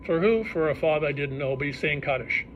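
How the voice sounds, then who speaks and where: A rabbi telling stories to a live audience, animated and acting out the people in them. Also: male voice, fairly high pitch, fast talker, muffled recording, noisy background. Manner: animated storyteller, acts out characters' voices. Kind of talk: storytelling talk to a live audience.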